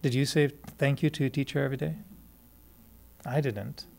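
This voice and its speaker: Gravelly French Canadian man giving a talk. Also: medium pitch, fairly even intonation, normal speed, darkish tone. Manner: chatty, laughs often, many restarts and fillers. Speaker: meditation teacher. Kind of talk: relaxed spoken talk to a group.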